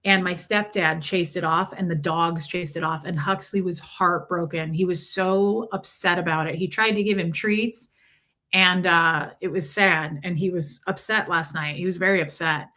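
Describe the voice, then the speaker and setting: A middle-aged woman hosts a casual livestream, her voice on the low side, steady, sharp in tone and at normal speed. She chats, reads viewer messages aloud and coos at a kitten.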